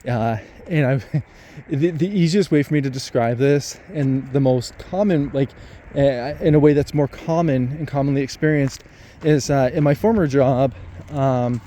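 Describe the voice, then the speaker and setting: A man vlogging, telling a personal story in a reflective, hesitant way with many pauses and restarts. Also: mid-range voice, mellow, slight background noise.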